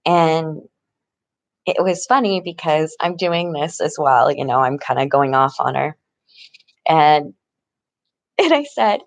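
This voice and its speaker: A woman's voice: deep voice, lively intonation, slow, pauses often, no room sound. A woman talking casually in a rambling personal vlog, laughing often between her sentences. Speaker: vlogger. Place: tent in an encampment.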